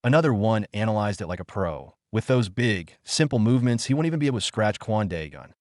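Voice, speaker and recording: A man's voice: on the low side, animated, fast, darkish tone, no echo, studio quality. A man narrating a webcomic recap in a punchy, hype-driven style.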